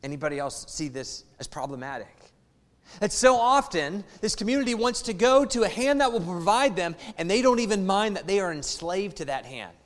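A male pastor delivers an emphatic sermon in a fairly high voice. He hammers phrases again and again and throws rhetorical questions at the room. His words carry a long echo from the church around him. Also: very animated, brisk, fairly bright tone.

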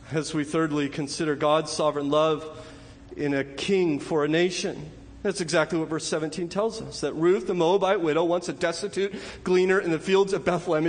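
A man's voice: on the high side, big-room sound. A man preaching a sermon, asking his listeners rhetorical questions. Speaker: pastor.

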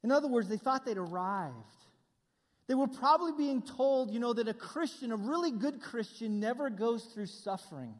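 A man's voice: very high voice, expressive, normal speed, in a large hall. A middle-aged male pastor preaching a sermon in a conversational way, with asides to the congregation.

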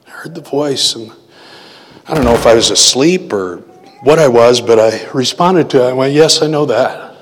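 A male preacher shares a testimony from the pulpit in a relaxed, conversational voice at a middle pitch. He slows down and leans on key words when he quotes. A long reverb from a big hall trails behind each phrase. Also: slight background noise. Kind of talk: sermon testimony storytelling.

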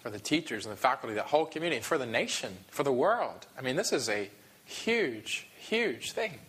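A man preaching a sermon to his congregation, emotional and halting, often restarting his sentences. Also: medium pitch, very animated, fairly bright tone, breathy edge. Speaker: pastor.

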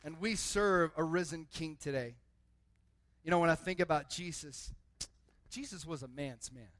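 A man preaching a sermon to his church, building from a quiet, conversational delivery to loud, emphatic passages with lots of repetition. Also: fairly high pitch, normal speed. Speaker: pastor.

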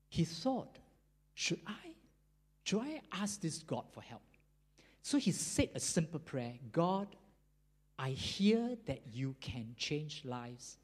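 A preacher delivering a sermon as a story, rising and falling in pitch with lively swings. The voice has a slightly husky, breathy edge. Pauses for effect and chuckles along the way. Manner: animated, dramatic pauses, chuckles while telling a story.

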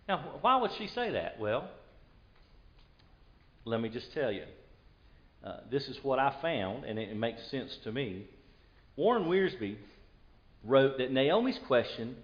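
A man's voice: mid-range voice, highs cut off. A male pastor preaching a conversational sermon and retelling scripture in an everyday voice.

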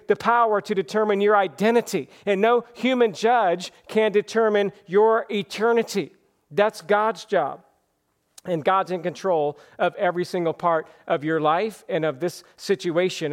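A man with a higher-than-usual voice preaches a sermon. His tone is clear and resonant. He is earnest and deliberate, slowing down to lean on each point. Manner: earnest preaching, slows for scripture and emphasis. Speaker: pastor.

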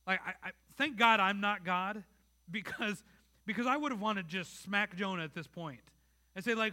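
A pastor preaching a conversational sermon, earnest, and putting rhetorical questions straight to the congregation. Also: male voice, high-pitched, normal speed, bright, forceful tone.

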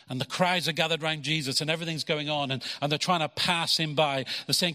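A man preaches in a lively, conversational way, slipping into voices for the people in his stories. His tone is bright and forceful. The sound rings out with the long tail of a big hall. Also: a little high, a little fast, hardly any pauses. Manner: conversational preaching, acts out quotes, repeats words. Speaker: pastor. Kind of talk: sermon. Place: church hall.

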